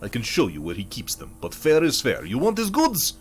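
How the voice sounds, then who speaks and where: A man's voice: medium pitch, wildly swooping pitch, a little fast, faint music behind, voice pushed up. A man voicing a shady male crew member in a put-on Russian accent, talking in a conspiratorial, haggling way. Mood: scheming.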